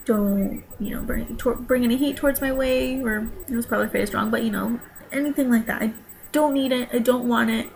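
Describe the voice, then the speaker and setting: A woman's voice: fairly high pitch, brisk, gravelly, a little mellow, slight background noise, rough recording. A young woman vlogging a casual pregnancy update, rambling and nervous.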